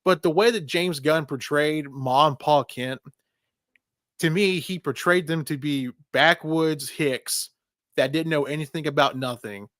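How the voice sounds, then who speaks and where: A man's voice: fairly high pitch, unhurried, no room sound, studio quality. A man co-hosting a casual movie review podcast, swearing freely and putting on mocking voices. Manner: profane, animated, does mocking voices. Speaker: podcast co-host.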